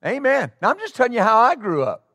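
A male pastor preaching a sermon to his congregation in a church, talking conversationally and then breaking into loud exclamations. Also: very high-pitched, huge pitch swings, fast talker, no echo. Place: church sanctuary before a congregation.

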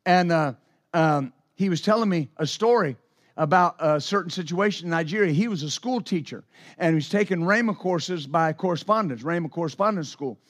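A man preaching a sermon, telling stories in an animated way with sudden exclamations. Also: a little high, brisk. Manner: animated storytelling with bursts of exclamation. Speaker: pastor.

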